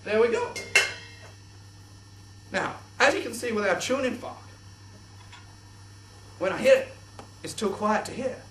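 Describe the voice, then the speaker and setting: A young man presenting a kids' science show in an exaggerated, excitable host voice. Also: high-pitched, unhurried, long pauses, noisy background. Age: young adult. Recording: echoey room, distant mic.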